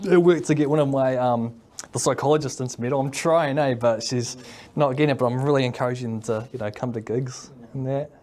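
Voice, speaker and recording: A New Zealand man who works in mental health chats casually in an interview, rambling with plenty of fillers and "eh?" tags. His voice is mid-range with a darkish tone.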